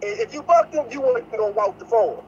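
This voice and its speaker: Stammering high-voiced man on muffled call. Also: animated, brisk, a little hiss or hum. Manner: stammering, emotional, repeats himself. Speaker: guest on video call. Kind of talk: casual live stream chat.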